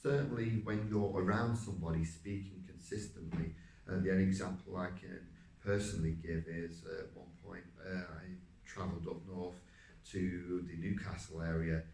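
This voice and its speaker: Low-voiced guy talking through his acting technique, halting, echoey room, mic far away. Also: steady tone, creaky, darkish tone, slight background noise. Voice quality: halting, searching for words. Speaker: actor. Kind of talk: reflective talk on vocal technique. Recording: roomy, distant mic.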